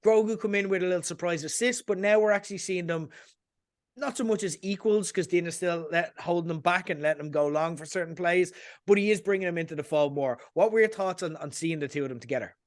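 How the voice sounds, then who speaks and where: Guy with a pretty high voice, careful and reflective, podcast chat. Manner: measured, reflective, hedges his opinions. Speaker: podcast co-host. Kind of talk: casual chat.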